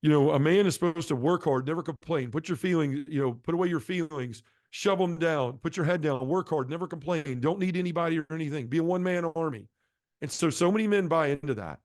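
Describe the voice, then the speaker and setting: A man's voice: quick pace, a little mellow, dry recording, studio quality. A middle-aged man who is a podcast guest, telling his conversion story in an earnest, impassioned way. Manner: earnest and impassioned, shifting pitch and volume. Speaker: guest sharing a conversion testimony. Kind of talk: emotional testimony storytelling.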